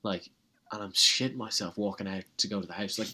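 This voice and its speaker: Young Irish guy, lowish voice, animated guest telling a story, swears a lot. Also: quick pace, breathy edge. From Ireland. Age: young adult. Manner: animated, swears freely, uses lots of fillers. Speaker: college tennis player, guest. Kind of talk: casual storytelling.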